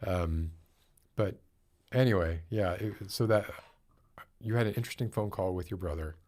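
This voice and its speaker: A man with a very low voice talks loosely as a show host. He rambles through his thoughts with plenty of fillers and restarts. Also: normal speed, darkish tone. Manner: rambling, chatty, many fillers. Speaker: podcast host. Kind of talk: casual chat.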